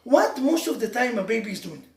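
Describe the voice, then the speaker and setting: Animated rabbi preaching in an echoey room. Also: male voice, extremely high pitch, brisk, gravelly. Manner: animated storytelling with laughs and sudden loud emphasis. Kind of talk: sermon to a live audience. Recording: echoey room, mic from far off.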